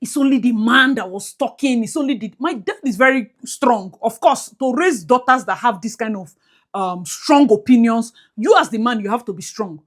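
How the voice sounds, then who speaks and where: A woman's voice: fairly high pitch, moderate pace. A woman with a Nigerian accent talking to her viewers in a casual commentary vlog, emphatic, with pidgin-flavored asides. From Nigeria, Port Harcourt. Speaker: YouTube commentator.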